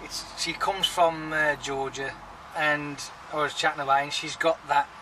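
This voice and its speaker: Brief: male vlogger, chatty and sweary, slightly high voice, mic set back with loud traffic behind. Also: flat delivery, moderate pace, far from the mic. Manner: rambling, chatty, swears freely. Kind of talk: casual vlog chat.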